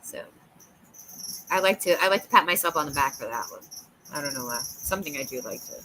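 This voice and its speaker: A woman with a New York accent rambles and giggles through a casual livestream chat, jumping from one topic to the next. Her voice is bright and tense, and her pitch swings widely. A faint hum of background noise sits under her. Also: expressive, a little fast, low-quality recording. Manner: giggly, rambling, jumps between topics, breaks into silly voices. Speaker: livestream host.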